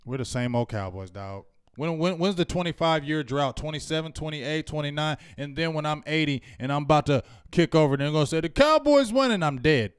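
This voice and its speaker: Frustrated man venting, smooth voice. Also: fairly high pitch, brisk, few pauses, no echo, clean studio sound. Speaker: co-host. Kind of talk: postgame fan chat.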